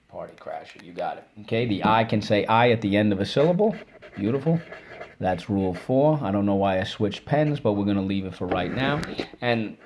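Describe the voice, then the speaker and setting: A man's voice: fairly low pitch, darkish tone, a little hiss or hum. A man teaching a spelling and phonics lesson, encouraging and repeating each word for students to say back.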